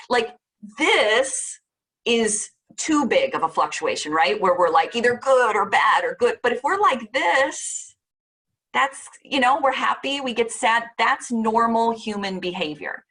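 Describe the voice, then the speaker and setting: A middle-aged woman giving a casual talk on parenting. She chats freely, uses lots of fillers and acts out little quoted lines. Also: on the high side. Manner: chatty, warm-hearted, lots of fillers and voiced quotes. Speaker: parenting speaker presenting a talk. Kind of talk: casual presentation.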